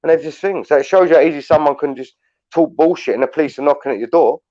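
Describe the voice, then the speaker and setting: A man's voice: fairly high pitch, fast, dark tone, no echo, highs cut off. A man with a London accent who hosts a livestream panel, telling stories in a blunt, sweary rant. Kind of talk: heated casual chat.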